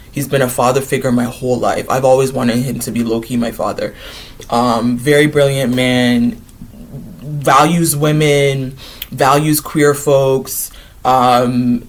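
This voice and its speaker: A man of Ghanaian heritage chatting casually and excitably in a vlog, wandering from topic to topic. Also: mid-range voice, slight background noise. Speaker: vlogger.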